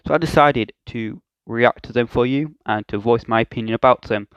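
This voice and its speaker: A man's voice: mid-range voice, clean tone, no room sound, dull audio. Self-mocking young man reacting to clips. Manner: self-mocking, hesitant, halting restarts. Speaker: YouTube reaction host. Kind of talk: reaction commentary.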